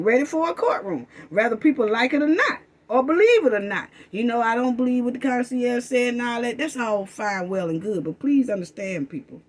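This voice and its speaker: Woman host, heated casual commentary, repeats herself, calls viewers family. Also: a little high. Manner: fired-up, repetitive, addresses audience as family.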